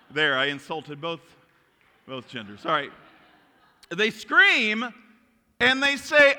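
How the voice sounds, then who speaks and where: A male pastor delivering a sermon, telling stories in an animated way with self-mocking jokes. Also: high-pitched, unhurried. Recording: long reverb in a hall.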